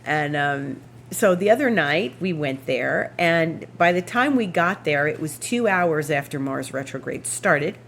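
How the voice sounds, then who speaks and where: A woman hosting an astrology show, telling a rambling, animated story with frequent laughs and asides. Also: sits low, measured pace, vocal fry, a little hiss or hum. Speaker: astrology podcast host. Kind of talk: casual anecdotal storytelling.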